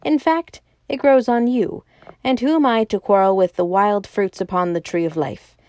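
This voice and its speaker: A woman reading the lines of a huge, genial, riddling male president in a smooth, playful, mocking manner. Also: mid-range voice, normal speed, a little mellow, no room sound, close to an everyday voice.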